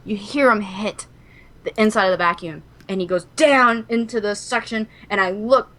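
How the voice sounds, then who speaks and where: A woman co-hosting a casual podcast, telling a story with lots of animation and freely dropped swear words. Her voice sits at an ordinary middle pitch, and she builds each moment up dramatically. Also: normal speed, a bit bright. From Kentucky. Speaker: podcast co-host.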